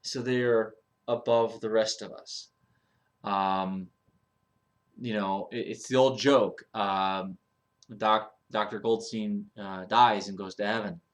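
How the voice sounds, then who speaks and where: A man's voice: on the low side, fairly even intonation, takes it slowly. A man giving a casual ranting monologue as a vlogger. He talks bluntly, swears, and rambles with fillers and restarts.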